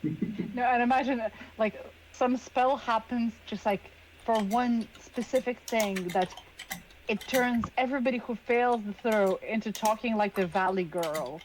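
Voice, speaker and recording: A woman playing a tabletop game, chatting in a playful, excitable way. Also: on the high side, a little slow, a little hiss or hum, low-quality recording. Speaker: player. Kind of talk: casual game chat.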